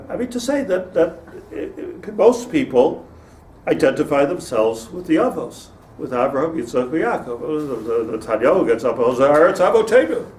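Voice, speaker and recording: This rabbi's voice is a little high and a little mellow as he delivers a casual Torah lecture to his class. He drifts off topic, restarts his sentences, and laughs at his own humor, recorded from a distance in a roomy space with faint noise.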